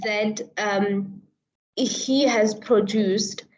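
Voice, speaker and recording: A woman student answering in an online class, talking quickly and checking whether she is making sense. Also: medium pitch, steady tone, slight background noise. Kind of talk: class discussion. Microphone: video call. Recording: muffled lo-fi audio.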